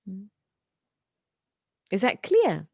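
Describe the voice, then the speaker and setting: Lively gentle British woman teaching. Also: mid-range voice, drawn-out words, creaky, slightly rough, no echo, studio quality. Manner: gentle storytelling, soft whispered asides. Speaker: spiritual teacher. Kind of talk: spiritual class.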